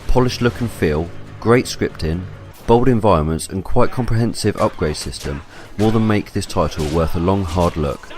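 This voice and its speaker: A man reading a scripted game review voice-over in a measured, even way. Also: deep voice, faint music behind.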